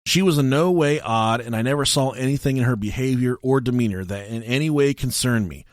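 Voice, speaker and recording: A young man co-hosting a podcast, telling stories in a casual, animated way, swearing often and shouting when acting out scenes. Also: medium pitch, a little fast, dry recording, clean studio sound. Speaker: podcast co-host.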